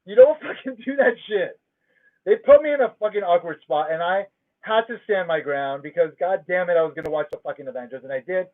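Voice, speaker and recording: A man's voice: sits high, lively intonation, quick pace. A man hosting a livestream, telling a story in a casual, profane, emphatic rant from home. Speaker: livestream host. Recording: tinny phone-like audio.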